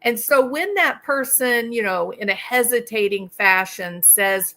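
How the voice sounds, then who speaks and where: A woman's voice: fairly high pitch, expressive, a little slow, hardly any pauses, bright, forceful tone. A woman hosting a commentary monologue, talking straight at the listener, asking rhetorical questions and acting out imagined dialogue. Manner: acts out quoted dialogue in changed voices. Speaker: channel host. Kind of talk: true-crime commentary monologue.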